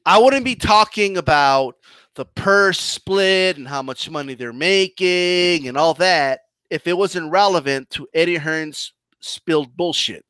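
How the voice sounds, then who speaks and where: A man's voice: fairly high pitch, unhurried, clean tone, no echo. A man hosting a boxing live stream, ranting and mocking while reading chat. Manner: animated, mocking, combative rant with restarts. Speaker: boxing commentary channel host.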